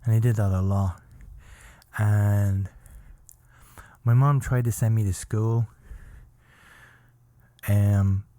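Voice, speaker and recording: A man from Ireland, telling a comic story as a podcast host in a halting, mock-earnest deadpan with long pauses. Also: lowish voice, no echo.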